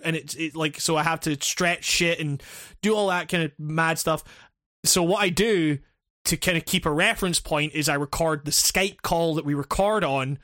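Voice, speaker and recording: This male co-host, who also edits the podcast, joins by remote call for loose, casual conversation full of tangents, profanity and laughter. His pitch is fairly high and his tone bright and forceful; the audio is studio-grade with no echo.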